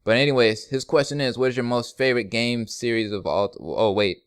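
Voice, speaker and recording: A man's voice: mid-range voice, a little fast, clean tone, dry recording, studio quality. A young man hosting a casual question-and-answer vlog for his gaming channel, joking and rambling with frequent laughs. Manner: laid-back, joking, rambling, laughs often. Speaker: YouTube gaming channel host.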